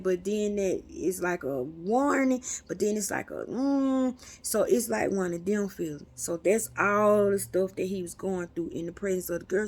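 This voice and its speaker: A woman's voice: mid-range voice, darkish tone. A woman speaking casually and earnestly to her viewers about spiritual experiences. She repeats words for emphasis and talks straight to the camera. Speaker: metaphysics vlogger.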